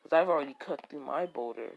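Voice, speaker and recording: A woman voicing a cocky, scornful boy rival who speaks in a quiet, dismissive way. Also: sits low, quick pace, gravelly, dull audio, pitched below the performer's own voice.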